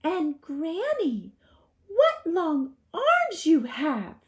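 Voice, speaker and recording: A woman voicing a polite, sweet little girl in a storybook read-aloud, sing-song and high. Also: wildly swooping pitch, very slow, full character voice.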